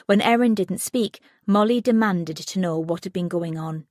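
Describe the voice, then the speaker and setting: A woman narrating a thriller audiobook in a steady, even reading voice. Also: lowish voice, normal speed, few pauses, dry recording, studio quality. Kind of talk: scripted narration.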